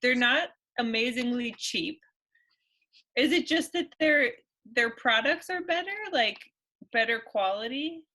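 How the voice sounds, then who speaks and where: A woman co-hosting a relaxed podcast. Her voice sits a little high and sounds bright and clear. She delivers her lines with dry, deadpan amusement and often breaks into short laughs. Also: unhurried. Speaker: podcast co-host. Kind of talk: casual chat.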